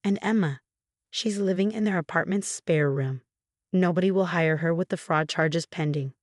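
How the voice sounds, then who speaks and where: A woman voicing a steady, somber man who calmly delivers bad news. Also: fairly low pitch, normal speed, no echo, clean studio sound, natural voice.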